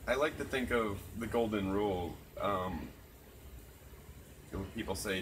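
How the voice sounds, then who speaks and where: A man's voice: lowish voice, unhurried, pauses often, slight background noise, rough recording. A man in casual chat, talking earnestly and reflectively and swearing freely, outdoors at night. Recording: crickets chirping loudly behind.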